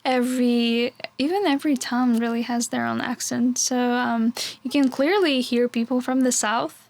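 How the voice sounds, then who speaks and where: A woman's voice: on the high side, moderate pace, vocal fry. A young woman in her twenties answering questions in a casual, chatty way, with many fillers. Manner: chatty, filler-heavy, relaxed. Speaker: interviewee.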